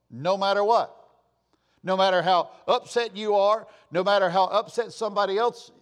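A male pastor giving a stern, emphatic sermon, repeating his warnings to the congregation again and again. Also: sits high. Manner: stern, repetitive, emphatic admonishing.

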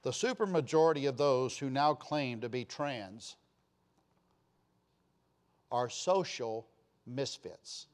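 A man preaching a sermon with passion, swinging between loud declarations and soft asides and posing rhetorical questions to his listeners. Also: mid-range voice, animated, takes it slowly, pauses often.

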